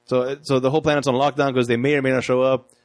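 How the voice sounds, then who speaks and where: A man's voice: mid-range voice, level tone, racing, no room sound. A man co-hosting a casual podcast about movies, agreeing eagerly and laughing often. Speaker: podcast co-host.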